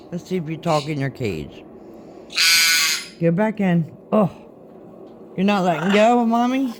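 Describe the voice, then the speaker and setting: A channel host shows off her parrots at home, using sing-song baby talk to coax them to step up and speak to the camera. Her voice is on the low side, animated and unhurried with long pauses, amid slight background noise and loud parrot squawks.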